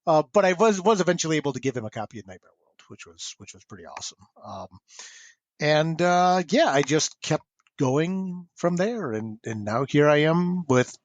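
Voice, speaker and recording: A man in his forties, a comics writer and podcast guest, telling stories in a chatty, animated way. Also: fairly high pitch, normal speed, no room sound. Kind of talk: casual interview storytelling.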